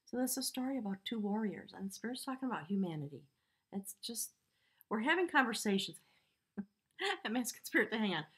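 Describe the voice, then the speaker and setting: A woman's voice: medium pitch, lively intonation, fairly quick, breathy edge. A woman giving a spiritual tarot reading, earnest and emotional, rambling with fillers. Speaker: tarot reader.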